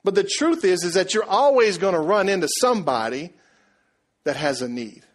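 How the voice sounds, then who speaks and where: Animated pastor preaching. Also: male voice, high-pitched, moderate pace. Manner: animated, conversational, asks the congregation questions. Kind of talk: sermon with storytelling.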